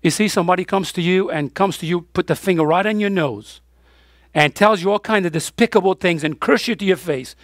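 A woman's voice: lowish voice, brisk, no room sound, studio quality. A woman pastor preaching a sermon in a church, pressing her points with repeated questions and firm answers. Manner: emphatic call-and-response questions.

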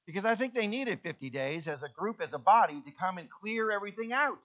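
A man preaching in a fairly high voice, acting out little voices and sinking into soft, low passages. The recording is dull and muffled. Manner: animated, acts out voices, drops to soft low tones. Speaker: pastor. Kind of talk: sermon. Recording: dull lo-fi sound.

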